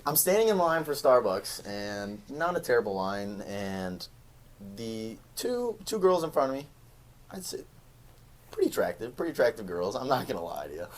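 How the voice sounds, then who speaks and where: Young male podcaster, chatty storyteller with a lively, swinging delivery. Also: medium pitch, moderate pace. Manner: animated, laughs often. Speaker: podcast co-host. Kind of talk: casual chat, storytelling.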